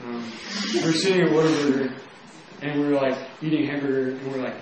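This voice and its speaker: A young man from Texas tells his own story in a loose, rambling way, leaning on "like" again and again. His voice sits at an ordinary pitch for a man. He is heard from some distance in a very echoey room, with faint noise behind him. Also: fairly even intonation, brisk, crowd noise. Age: young adult. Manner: casual, rambling, heavy use of "like". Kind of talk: personal testimony.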